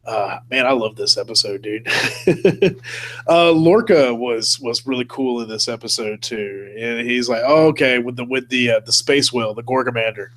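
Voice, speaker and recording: A man's voice: medium pitch, normal speed, fairly bright tone. A man hosting a casual live-stream chat. He talks in a laid-back way, laughs often and keeps saying "man" and "dude". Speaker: host.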